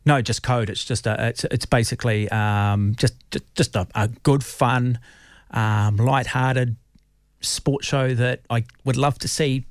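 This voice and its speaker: A man hosting a radio talk show, eager and quick with his words. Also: mid-range voice, steady tone, no echo, studio quality. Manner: fast, eager talker.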